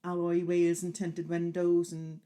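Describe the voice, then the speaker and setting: A woman's voice: fairly low pitch, completely flat delivery, a little slow, warm tone. A woman, co-hosting a casual podcast, who chats, teases and laughs easily. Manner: chatty, teasing, laughs easily. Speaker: podcast co-host. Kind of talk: casual chat.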